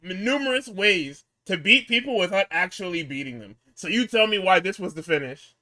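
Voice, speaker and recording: A man rants heatedly about wrestling booking, swearing through casual podcast talk. His voice is bright and tense and sits a little high for a man. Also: lively intonation, moderate pace. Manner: heated, ranting critique. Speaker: podcast co-host. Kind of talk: casual profane chat.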